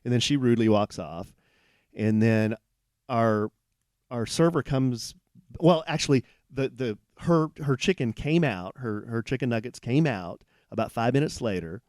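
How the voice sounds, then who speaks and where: A man co-hosting a podcast from a hotel room, telling a long anecdote in a rambling, animated way with many restarts. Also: mid-range voice, unhurried, no echo, clean studio sound. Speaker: podcast co-host. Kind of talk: casual storytelling chat.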